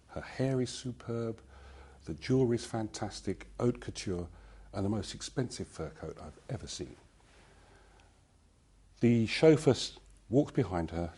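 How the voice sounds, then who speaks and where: A man giving a talk, telling a personal story in a lively storytelling manner. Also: sits low, slightly rough. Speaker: conference speaker.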